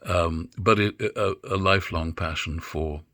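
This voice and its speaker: An older man giving an unscripted lecture on drama, musing and halting, with many fillers and restarts. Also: low-pitched, sharp tone, no room sound, studio quality.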